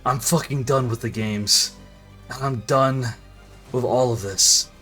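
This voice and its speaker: A man voicing a weary, blunt male fighter in a low grumbling tone. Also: unhurried, a bit bright, soft background music, close to an everyday voice. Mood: fed up.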